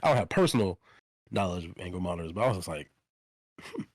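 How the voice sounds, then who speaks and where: A young man co-hosting a podcast in casual chat, telling a story in a laid-back way with laughs and soft trailing endings. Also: deep voice, expressive, rapid-fire, no room sound. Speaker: podcast co-host.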